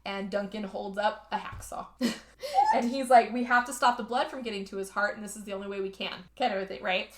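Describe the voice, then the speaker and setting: A woman's voice: mid-range voice, fairly even intonation, fairly quick. A woman co-hosting a podcast, animatedly retelling a movie plot and acting out the characters' lines. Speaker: podcast co-host recapping a movie. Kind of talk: casual chat.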